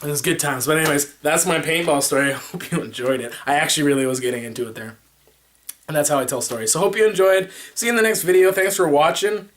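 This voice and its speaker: A man vlogging, telling a story casually to the camera, rambling and animated, making his own sound effects. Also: on the high side, fast talker.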